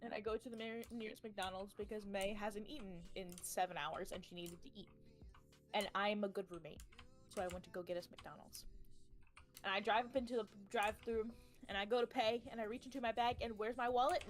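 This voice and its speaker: Uma jovem com sotaque americano conta uma história de forma animada e cheia de palavrões, imitando as pessoas com vozes mais agudas. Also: female voice, fairly quick. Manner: animated, acts out quoted people in higher voices, swears freely. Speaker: streamer. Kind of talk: casual storytelling on a game stream.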